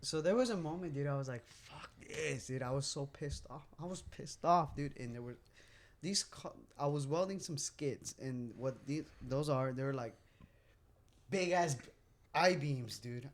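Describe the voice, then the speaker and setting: A man in his twenties, co-hosting a podcast in a small room, tells stories with lots of swearing and animated bursts. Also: mid-range voice, a little slow. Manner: animated storyteller, heavy swearing. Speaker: podcast co-host. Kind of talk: casual chat. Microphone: podcast mic at a table.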